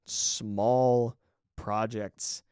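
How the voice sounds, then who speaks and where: A man's voice: fairly low pitch, little pitch movement, extremely slow, darkish tone, clean tone, no echo, clean studio sound. A man hosting a solo podcast in a chatty, encouraging way, often correcting himself and laughing briefly. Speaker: podcast host. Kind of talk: casual solo podcast talk.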